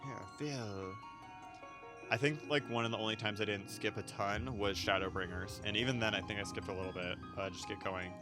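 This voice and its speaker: A man's voice: lowish voice, steady tone, a little fast, over music. A man casually commenting on a game as he plays, rambling with fillers and frequent laughs. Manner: rambling and giggly, many fillers and asides. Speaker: gaming streamer. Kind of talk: casual let's-play commentary.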